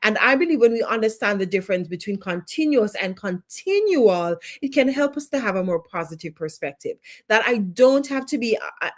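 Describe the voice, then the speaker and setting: A woman's voice: mid-range voice, expressive, brisk, few pauses. Emphatic Jamaican woman coaching. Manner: emphatic, repeats phrases for effect. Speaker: life coach. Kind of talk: live online lesson.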